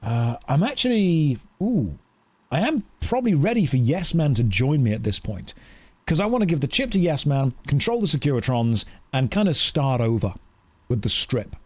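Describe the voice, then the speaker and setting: Playing a video game on stream, a man from England rants and chats in a lively way, performing both halves of conversations. The commentary is casual, delivered at normal speed in a medium-pitched voice without echo.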